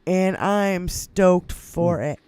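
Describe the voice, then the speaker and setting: A man's voice: high voice, drawn-out words, clean tone, dry recording. A man co-hosting an internet talk show, ranting about politics with heavy swearing and frequent laughter. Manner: swearing, animated, laughing a lot. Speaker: podcast co-host. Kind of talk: profane political rant.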